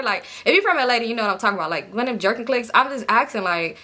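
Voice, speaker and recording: Young woman, bright ringing voice, fairly high, chatty storytime vlog. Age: young adult. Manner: chatty, animated, quick voice switches for quoted people. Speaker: storytime vlogger. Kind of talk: casual storytelling to camera.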